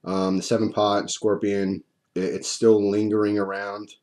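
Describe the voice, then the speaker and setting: A man reviewing hot sauce on video in a relaxed, rambling way, his mouth burning and drooling as he talks at his desk. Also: lowish voice, a little slow. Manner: relaxed, chatty, rambling with restarts.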